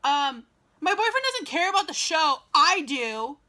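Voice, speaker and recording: A young woman vlogging straight to camera, telling a story in a loose, chatty way. She throws "like" in everywhere and acts out both sides of every exchange. Her voice sits a bit high and rings with a bright, forward edge. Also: big pitch swings, unhurried. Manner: chatty, lots of "like" and quoted dialogue. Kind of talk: casual storytelling vlog.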